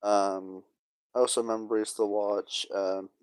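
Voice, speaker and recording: A man's voice: fairly low pitch, little pitch movement, normal speed, no room sound. A young man talking casually to camera, rambling and wistful, with many fillers and sighs. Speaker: vlogger. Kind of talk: casual nostalgic monologue.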